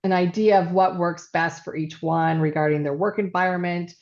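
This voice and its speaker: Chatty woman business coach, lowish voice, muffled lo-fi recording. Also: fairly even intonation, normal speed, darkish tone. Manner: chatty storyteller, many fillers and asides. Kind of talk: casual podcast chat. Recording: dull lo-fi sound.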